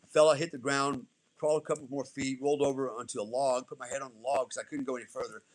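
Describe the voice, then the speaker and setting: A man's voice: medium pitch, flat delivery, quick pace, low-quality recording. A man, a former soldier, telling a story as a podcast guest in a blunt, profane, casual way.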